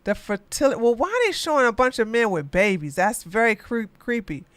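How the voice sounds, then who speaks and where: A podcast host reading news headlines aloud and reacting with loud exclamations and asides. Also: mid-range voice, animated, fairly quick, no echo. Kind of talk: live news commentary.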